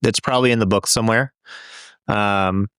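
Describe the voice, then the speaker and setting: A man co-hosting a podcast, rambling through his thoughts with hesitant fillers. His voice is lowish and comes through clean and clear. The recording is dry, with no room sound. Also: fairly even intonation, moderate pace, fairly bright tone, no echo. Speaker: podcast co-host. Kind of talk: casual chat.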